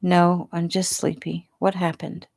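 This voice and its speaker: A woman reading a quiet, guilt-ridden young woman. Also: on the low side, little pitch movement, unhurried, gravelly, no echo, studio quality. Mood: remorseful. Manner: quiet, groggy, remorseful.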